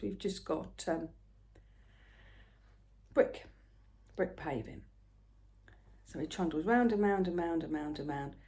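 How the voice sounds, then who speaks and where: Chatty older woman. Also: on the low side. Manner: rambling, chatty, often soft and murmured. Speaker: craft vlogger. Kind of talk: casual storytelling chat.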